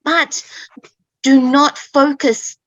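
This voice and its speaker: An English teacher who grew up in Australia hosts a casual online chat, drawing out her words in a high, slightly bright voice with fairly even intonation. Emphatic and repetitive, she often checks in with "okay?", and the dull audio has no echo.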